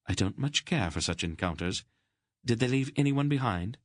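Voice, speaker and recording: A man's voice: mid-range voice, lively intonation, moderate pace, no echo, pitched above the performer's own voice, lightly acted. A stern older woman, voiced by a man reading an audiobook, speaks in a clipped, acid tone. She scolds and snaps rather than pleads. The narration is dry, with no room behind it. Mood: scolding. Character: stern, sharp-tongued woman who raised the boy.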